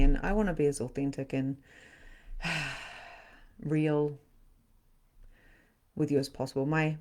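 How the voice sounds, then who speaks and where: A woman with a low, gravelly voice leads a live online spiritual session, telling stories casually to the audience. She's animated, laughing a lot, cursing for emphasis and acting scenes out, though she turns quiet when the talk turns to loss.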